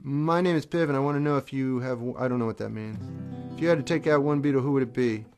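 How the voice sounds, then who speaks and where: A man's voice: medium pitch, quick pace, a little mellow. A middle-aged man hosting a livestream, reading viewer questions aloud and answering them briefly in an offhand way. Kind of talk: casual livestream chat between songs. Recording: acoustic guitar playing behind the voice.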